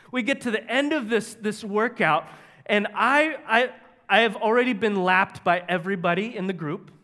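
Male pastor, bright voice, funny self-deprecating sermon story. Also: high-pitched.

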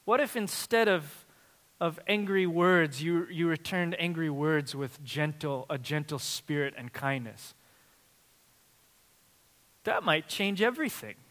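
A male pastor preaching a sermon with animated delivery, rising to loud emphasis and dropping to quiet, close passages. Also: fairly high pitch, unhurried. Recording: long hall reverb.

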